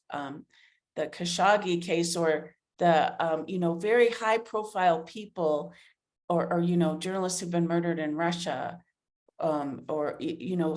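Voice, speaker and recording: A middle-aged woman journalist answering interview questions earnestly, thinking aloud with fillers and restarts. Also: lowish voice. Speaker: author and investigative journalist, guest.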